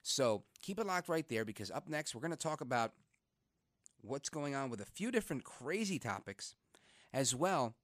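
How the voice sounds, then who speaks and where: A man hosting a talk radio show, speaking in an animated, conversational way. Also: mid-range voice, moderate pace, no echo, studio quality. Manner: animated, conversational, outraged then reflective. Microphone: studio microphone.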